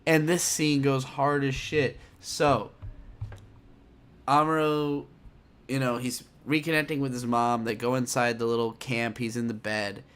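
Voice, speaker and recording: A man hosting a casual anime podcast, excitedly retelling an episode and swearing freely. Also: mid-range voice, a little slow, clear, resonant tone. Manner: excitable, swears a lot, animated storytelling. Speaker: podcast host. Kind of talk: casual chat, recapping anime.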